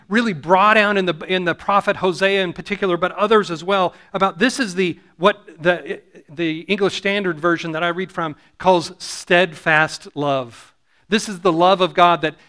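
A man's voice: high-pitched, pushed and bright. A man preaching a sermon, earnest and explanatory, often restarting phrases and asking the congregation to answer "Amen?". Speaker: pastor.

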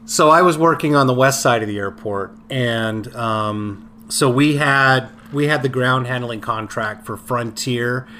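A man telling a personal memory in a casual podcast chat, halting with many fillers and restarts. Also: mid-range voice, sharp tone, slight background noise. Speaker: podcast co-host. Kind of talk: casual conversational storytelling.

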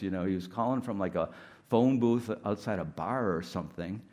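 A middle-aged man preaches as a guest speaker in a loose, conversational way. His voice sits fairly low, and he is candid and self-deprecating, leaning often on "like" and "you know". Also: moderate pace, darkish tone. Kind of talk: conversational sermon.

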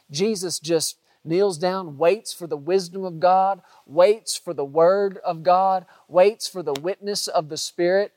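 A man with a high, bright-toned voice preaching a sermon to his congregation. He slows down to lean hard on single words, then surges louder for emphasis. The sound is close and dry, with no room echo. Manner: dynamic preaching, drawn-out emphatic words and sudden loud stresses. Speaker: pastor.

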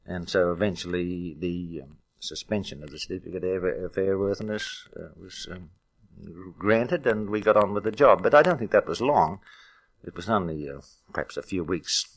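An older man with a very deep voice tells his memories at an unhurried pace. He stops often with "uh" and "um" as he searches his memory. It sounds like an archival oral history interview. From Australia. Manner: halting, many "uh" fillers, reminiscing. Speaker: retired airline pilot, interviewee.

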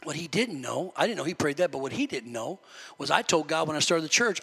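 A man preaching to his church, storytelling that swells into loud, fervent preaching. His voice sits high and sounds bright and sharp. The sound carries a long reverb from the sanctuary. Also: lively intonation, a little fast, gravelly, breathy edge. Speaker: pastor. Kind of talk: sermon.

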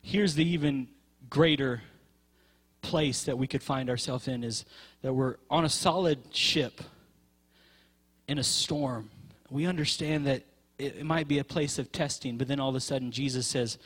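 A man's voice: a little high, normal speed, husky. A man preaching a sermon with passion, stretching key words and repeating phrases for emphasis.

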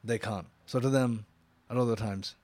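A man hosting a casual podcast chat, chatty and quick to chime in with "yeah" while telling anecdotes. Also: lowish voice, steady tone, darkish tone, dry recording. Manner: chatty, back-channels "yeah" a lot, drops into quoted anecdotes.

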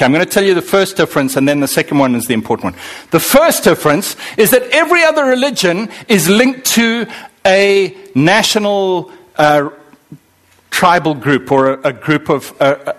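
Guy preaching a sermon, chatty and jokey, voice pretty high and jumping all over. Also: normal speed. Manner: conversational and animated, joking with the congregation.

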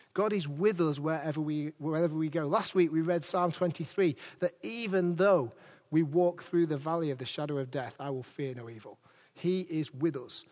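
Preacher man with slow, emphatic delivery. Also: big-room sound. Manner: slow emphatic phrasing, dropping low and soft on key words. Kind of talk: sermon.

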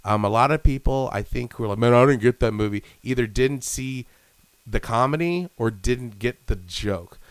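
A man's voice: mid-range voice, moderate pace, clean tone, dry recording. A man co-hosting a podcast who talks casually and animatedly about horror films, swearing and acting out scenes. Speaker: podcast co-host. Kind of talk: casual film chat.

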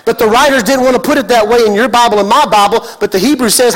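A middle-aged man preaches with big, emphatic energy, cracking jokes and climbing to shouts. His voice sits unusually high for a man, bright and lifting at every push. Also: quick pace, hardly any pauses. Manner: animated, emphatic, joking, builds to shouting. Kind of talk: energetic sermon.

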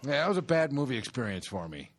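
A man's voice: mid-range voice, big pitch swings, quick pace. A man in casual chat, laid-back and chuckling as he talks.

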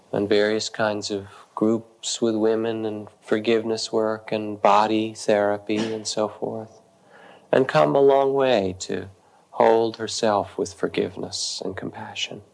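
A man, a meditation teacher, telling a story in a soft-spoken, unhurried way with pauses between short phrases. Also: on the low side, gravelly, poor audio. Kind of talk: storytelling dharma talk.

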